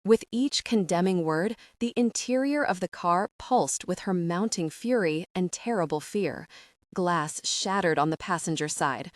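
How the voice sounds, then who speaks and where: A woman narrating a novel in a steady, even reading voice. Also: lowish voice, measured pace, no echo, clean studio sound. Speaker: audiobook narrator. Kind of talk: scripted audiobook narration.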